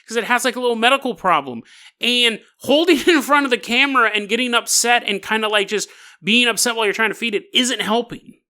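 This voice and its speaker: A man's voice: sits high, pushed and bright. A man hosting a podcast, telling a strange story in a casual, wry way and laughing at his own asides. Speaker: podcast host.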